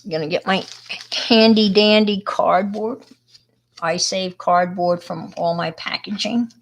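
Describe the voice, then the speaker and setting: Slow-talking woman chatting through an art demo. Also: medium pitch, steady tone, creaky. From Long Island, New York. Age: older. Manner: chatty, rambling, talks to viewers as she works. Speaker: art presenter on a live stream. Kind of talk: casual live-stream demo and storytelling.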